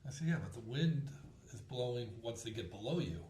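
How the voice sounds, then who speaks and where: A man in his thirties telling a hunting story in casual chat, acting out the quotes with quick laughs. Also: medium pitch, lively intonation, warm tone. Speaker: podcast host. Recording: roomy with faint background noise.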